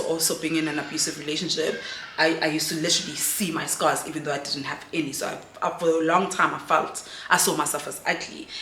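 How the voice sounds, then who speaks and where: A woman's voice: low-pitched, pushed and bright. A South African woman in her thirties, from Durban, talking candidly and rambling a little in a personal vlog. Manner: rambling, candid, self-digressing. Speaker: vlogger. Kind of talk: candid confessional vlog chat. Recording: echoey room, faint noise.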